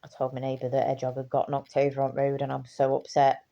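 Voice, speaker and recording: A woman's voice: extremely low pitch, monotone, quick pace, gravelly, highs cut off. A tired woman, rambling in casual chat to her camera and swearing freely. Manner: chatty, swears casually, trails off and restarts. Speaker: vlogger.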